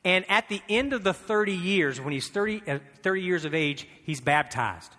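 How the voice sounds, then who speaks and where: Male pastor, sermon, bright forceful tone, chatty rhetorical delivery, long hall reverb. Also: high voice, expressive, normal speed. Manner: conversational preaching, frequent rhetorical questions and repetition.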